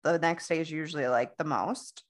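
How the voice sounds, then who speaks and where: A woman's voice: low-pitched, moderate pace. A young adult woman co-hosting a casual podcast chat, telling a long story with many restarts and quoted dialogue. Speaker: podcast co-host.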